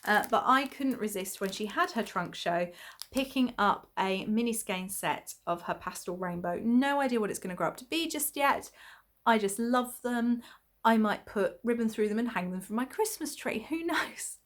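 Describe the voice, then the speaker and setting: A woman's voice: on the high side, lively intonation, moderate pace, fairly bright tone. Chatty woman podcast host. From England (Essex). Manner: chatty, rambling with many ums and little laughs. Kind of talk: casual chat.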